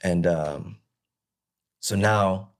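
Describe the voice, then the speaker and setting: A man, the guest, telling his personal recovery testimony in a halting way, often checking "you know what I mean". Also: low-pitched. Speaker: interview guest.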